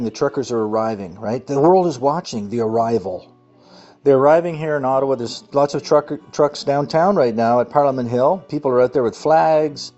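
A man hosting an activist livestream, talking in an excitable, rambling way full of fillers. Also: mid-range voice. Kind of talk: excited casual monologue. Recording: muffled audio with faint music.

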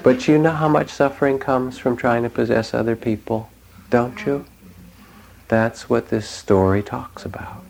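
A man teaching meditation, giving a reflective dharma talk in a gentle storytelling manner with soft pauses. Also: mid-range voice, vocal fry, a little hiss or hum, poor audio.

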